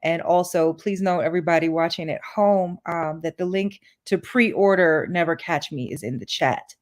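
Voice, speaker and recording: A woman's voice: fairly low pitch, normal speed. A woman hosting a poetry reading, chatting casually with a laugh before reading a guest's introduction. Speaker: event host.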